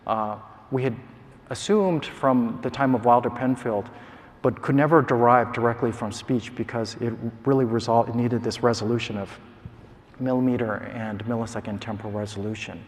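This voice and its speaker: A man giving an academic lecture as a neuroscientist, measured and explanatory with frequent ums and uhs. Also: mid-range voice, steady tone. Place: large conference hall. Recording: long hall reverb.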